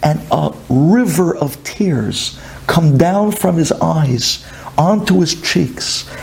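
Gravelly man telling a dramatic tale. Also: fairly high pitch, expressive, takes it slowly, darkish tone. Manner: dramatic, dropping to intense whispers. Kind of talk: dramatic storytelling sermon.

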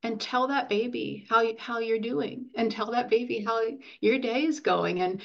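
A woman speaking as a nurse and lactation consultant in an interview, earnest and animated, acting out what parents say. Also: a little high, normal speed, gravelly, highs cut off. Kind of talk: conversational interview.

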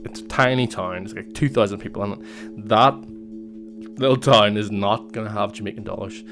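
A man's voice: fairly low pitch, normal speed, music in the background. A young man casually telling a personal story, rambling with lots of fillers and restarts. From Northern Ireland.

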